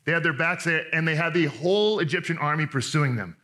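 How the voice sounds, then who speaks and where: Bright-voiced male preacher, animated. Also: a little high, a little fast. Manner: animated, conversational preaching with frequent restarts; acts out quoted speakers in voices. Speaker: pastor. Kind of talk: sermon.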